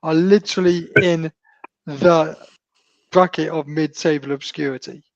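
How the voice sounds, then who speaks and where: A man's voice: on the high side, steady tone, a little slow, no room sound. A man co-hosting a casual sports podcast, teasing the others in a dry way. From United Kingdom. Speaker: podcast co-host. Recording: dry, dull lo-fi audio.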